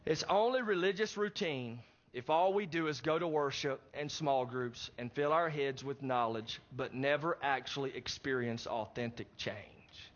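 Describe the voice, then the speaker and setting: A man's voice: medium pitch, unhurried, hardly any pauses. A man preaching a sermon, emphatic and pressing the congregation with rhetorical questions. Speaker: pastor. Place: church service. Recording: dull lo-fi recording.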